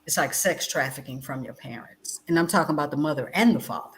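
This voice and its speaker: A woman's voice: fairly quick, hardly any pauses. Emphatic middle-aged woman on a video call. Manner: emphatic, swings between loud outbursts and low, quiet passages; repetitive, insistent phrasing. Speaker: guest, educator and former chaplain. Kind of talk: passionate conversational storytelling.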